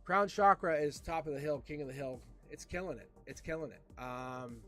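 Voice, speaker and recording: A man giving a casual live tarot reading, animated and repeating himself with frequent restarts. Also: on the high side, normal speed, faint music behind. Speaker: tarot reader.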